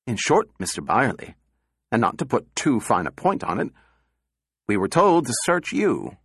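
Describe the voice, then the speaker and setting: A man voicing a fussy, nervous little male official who blusters and pushes his voice higher. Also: wildly swooping pitch, normal speed, fairly bright tone, slightly rough, no echo, clean studio sound, exaggerated voice. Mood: blustering.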